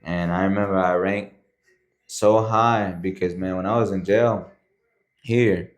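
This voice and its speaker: A man's voice: sits low, steady tone, a little slow. A man who is a podcast guest, telling his story in a loose, conversational way full of fillers and frequent "man" and "bro". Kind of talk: casual storytelling.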